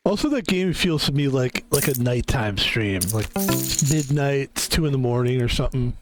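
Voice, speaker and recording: A man's voice: medium pitch, expressive, normal speed. A man streaming a game, chatting casually in a rambling, tired way with lots of fillers. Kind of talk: casual gaming stream chat. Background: game music.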